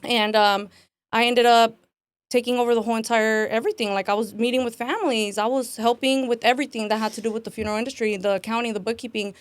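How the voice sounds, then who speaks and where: A woman in her twenties telling her life story as an interview guest in a casual, animated way, acting out quotes and saying "like" and "man" often. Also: a little high, fast talker, clear, resonant tone, no echo.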